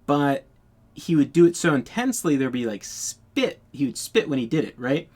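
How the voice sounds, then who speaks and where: A man's voice: mid-range voice, big pitch swings, moderate pace, darkish tone. A young man telling a casual storytime anecdote in a blunt, profane, incredulous way.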